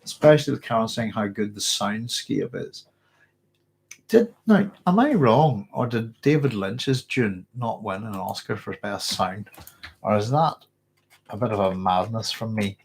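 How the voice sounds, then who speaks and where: Husky-voiced man hosting a viewer Q&A. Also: on the low side, animated, a little slow. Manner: thinks aloud, corrects himself, thanks viewers. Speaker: host answering viewer questions. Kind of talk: live-stream Q&A chat.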